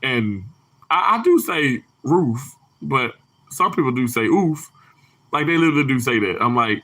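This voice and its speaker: Southern male livestream host, lively swooping delivery, bubbly and quick to laugh. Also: mid-range voice. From Mississippi. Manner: bubbly, laughs often, bursts into exclamations. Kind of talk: casual chat reading viewer comments.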